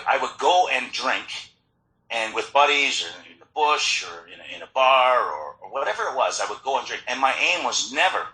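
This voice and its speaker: At a meeting, a Florida man gives a personal recovery talk, animatedly telling his story with frequent restarts. His voice is medium-pitched, and the meeting hall makes the recording echoey.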